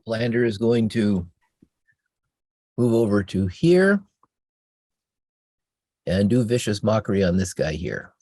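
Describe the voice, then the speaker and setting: Slow, husky-voiced male player. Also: on the low side, sing-song, a little mellow, no echo, studio quality. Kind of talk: casual tabletop play.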